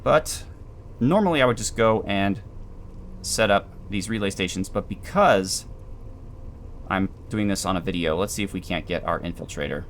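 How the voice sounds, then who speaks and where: A man giving calm, dry, explanatory commentary while playing a video game. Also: low-pitched, moderate pace, slight background noise. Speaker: gameplay commentator. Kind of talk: let's play commentary.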